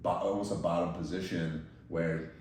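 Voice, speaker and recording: A young man with a very low voice hosts a casual podcast chat, recounting events in a steady, detailed way. He sits some distance from the mic in a strongly echoing room, with faint noise behind him. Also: moderate pace. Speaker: podcast host. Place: indoor room, in person with guests.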